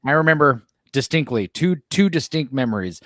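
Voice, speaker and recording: A man chatting casually about films, telling stories excitedly, acting out other people's voices and often saying "dude" and "like". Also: fairly high pitch, brisk, no room sound, studio quality. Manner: excited storyteller, acts out voices, says "dude" and "like". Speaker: guest. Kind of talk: casual film chat.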